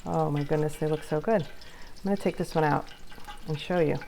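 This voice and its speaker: Low-voiced woman chatting through home cooking. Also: moderate pace, a little hiss or hum. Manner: chatty, easily excited, talks viewers through each step. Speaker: home cook vlogger. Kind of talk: casual cooking demonstration.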